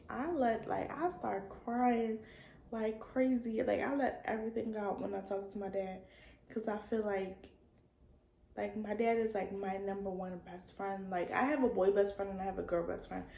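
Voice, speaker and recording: A young woman in her early twenties telling a casual storytime vlog, in slangy talk full of "like" that sometimes trails off soft. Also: medium pitch, creaky. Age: young adult. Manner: casual slangy talk with many likes, drifting soft at times. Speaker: vlogger. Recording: echoey room with faint ambient noise.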